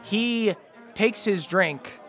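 A man narrating a tabletop game as game master, playful and quick to laugh. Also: sits high, a bit bright, soft background music.

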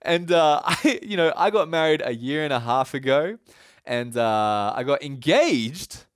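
A young man giving a casual Bible teaching, chatty and animated, often laughing as he tells the story. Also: fairly high pitch, a little slow. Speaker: preacher.

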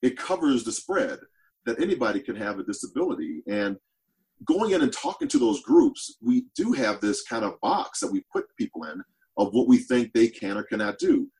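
A man's voice: medium pitch, wildly swooping pitch, moderate pace, vocal fry, darkish tone, poor audio. A man speaking as a podcast guest, earnest and reflective, often repeating words as he thinks aloud. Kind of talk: reflective interview talk.

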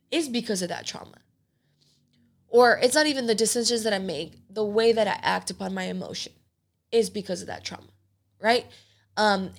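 Medium in pitch with a creaky quality, this woman in her late twenties is a podcast host who gets personal and emotional, dropping casual swear words as she speaks openly.

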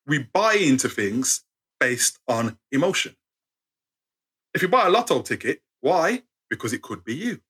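A young British man telling humorous personal stories as a guest, acting out each character. His voice sits high and swoops widely up and down. It has a bright, forceful tone with a slightly husky edge. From United Kingdom. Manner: animated, acts out the people in his stories. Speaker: storyteller guest.

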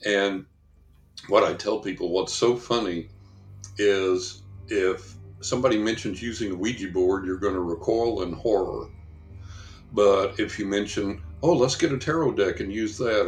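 A man, a psychic guest, chatting and telling stories in an animated way. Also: lowish voice, echoey room. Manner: animated, acts out quoted voices; casual chatty. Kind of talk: casual storytelling.

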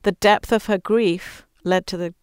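A woman talks with earnest warmth, then reads a storybook aloud, lending its quoted lines their own voice. Her tone is smooth and resonant. The recording is dry and close, with no room sound. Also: mid-range voice, steady tone, measured pace, no echo. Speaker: guest author reading her book. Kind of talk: conversational interview, then storybook read-aloud.

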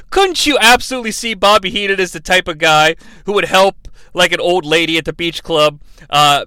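A man's voice: fairly high pitch, sharp tone, clear, resonant tone, no room sound. A man hosting a comedic podcast, rambling and profane, often interrupting himself and laughing. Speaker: podcast host. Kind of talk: comedic solo podcast riff.

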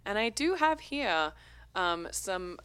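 Bright-voiced playful woman host. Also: medium pitch, very animated, slow, a little hiss or hum. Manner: playful, teasing, laughs often. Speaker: podcast host. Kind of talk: casual chat.

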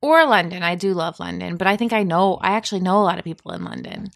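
A woman co-hosting a podcast in casual chat, breezy and animated. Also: fairly low pitch, fast talker, gravelly, dry recording, clean studio sound. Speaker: podcast co-host.

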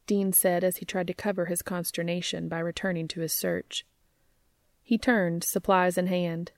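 A woman reading romantic fiction aloud in a steady, measured way. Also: lowish voice, no echo, clean studio sound. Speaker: narrator.

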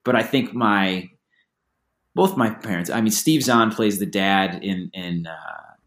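Low-voiced man chatting as a guest. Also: measured pace, a bit bright. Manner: rambling, restarts sentences. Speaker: actor guest. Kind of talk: casual interview chat.

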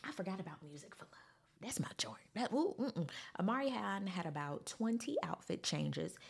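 A woman giving a sassy, animated recap of a music event, with mock-incredulous asides. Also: medium pitch, moderate pace, creaky, husky. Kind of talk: casual recap monologue.

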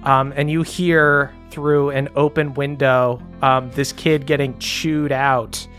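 A man's voice: medium pitch, flat delivery, slow, a bit bright, soft background music. A man running a tabletop game as game master, narrating loosely with many fillers.

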